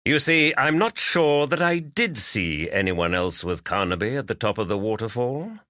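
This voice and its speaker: A man voicing a sharp, commanding detective who speaks curtly and urgently. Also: medium pitch, big pitch swings, moderate pace, no room sound, studio quality, pitched above the performer's own voice. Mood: measured. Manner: curt, urgent.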